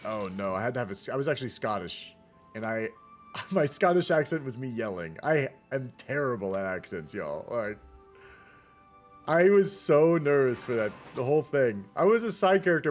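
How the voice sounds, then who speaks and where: A man's voice: mid-range voice, sing-song, normal speed, soft background music. A young man giving casual, rambling commentary on a multiplayer strategy game, often saying "y'all". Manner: chatty, rambling, says "y'all". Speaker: game caster.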